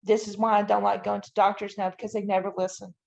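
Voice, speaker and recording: A woman tells her story to a podcast host in a low, crackling fry. She walks through each moment in detail, with lots of "you know" and "I'm like" along the way. The audio sounds dull and lo-fi. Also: flat delivery, fast talker. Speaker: podcast guest. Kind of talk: emotional personal account.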